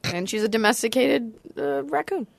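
A woman comedian guest chatting casually on a podcast, teasing with wry, deadpan jokes. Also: a little high, normal speed, vocal fry, no room sound. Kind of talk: casual chat.

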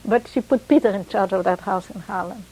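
A woman's voice: medium pitch, a little fast, darkish tone, husky, low-quality recording. An older woman chatting casually about her memories, wandering a little and laughing along. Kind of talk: casual reminiscing.

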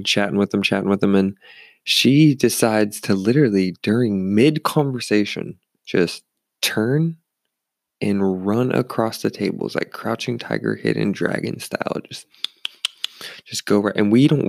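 Man, ex-bartender storyteller, low voice with fry, dry studio sound, animated. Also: normal speed, no room sound. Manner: rambling and animated, with many restarts. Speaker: former bartender telling stories. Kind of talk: casual storytelling. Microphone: studio microphone.

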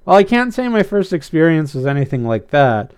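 A man voicing Nick, a calm private investigator who speaks in a dry, composed way. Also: a little high, fairly quick, clean tone.

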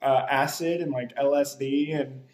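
A man's voice: medium pitch, steady tone, moderate pace, darkish tone. A man telling stories in casual chat on a podcast. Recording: echoey room.

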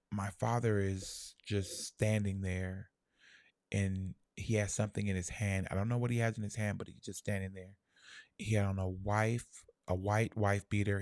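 A young man telling a personal childhood story in a soft, halting, reflective way, full of fillers. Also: on the low side, no room sound, studio quality.

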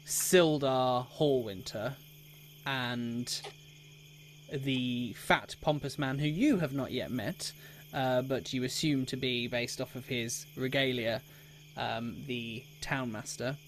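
A man narrating an improvised tabletop game as game master, in a relaxed and hesitant way with many fillers. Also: mid-range voice, slow pace, a little hiss or hum.

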